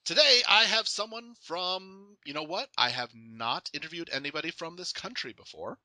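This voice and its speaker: A man's voice: high-pitched, expressive, normal speed, sharp tone, no echo, rough recording. A man hosting a casual podcast interview, joking around and laughing often. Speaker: podcast host.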